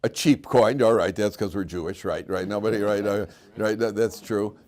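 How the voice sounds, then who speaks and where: A man's voice: fairly low pitch, moderate pace, darkish tone. A middle-aged man giving an informal Torah class in a classroom, joking and rambling with many restarts and fillers. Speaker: rabbi teaching a class.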